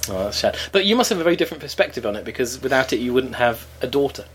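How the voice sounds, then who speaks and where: A man in casual podcast chat, wry and lively as he tells stories. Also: mid-range voice, racing, slight background noise. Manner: chatty, wry, lively storytelling. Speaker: podcast host.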